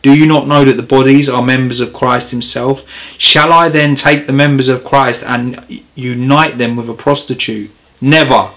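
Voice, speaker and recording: A man's voice: mid-range voice, steady tone, normal speed, a bit bright. A man preaching an informal sermon, reading scripture and speaking earnestly and with growing passion. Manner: earnest, grows impassioned and emphatic.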